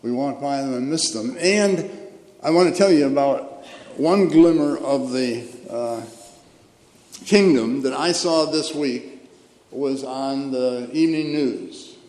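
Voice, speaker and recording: A man's voice: mid-range voice, slow, darkish tone. An older man, a retired pastor, preaching a folksy storytelling sermon full of fillers and restarts. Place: church sanctuary. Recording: echoey hall with long reverb, faint room ambience.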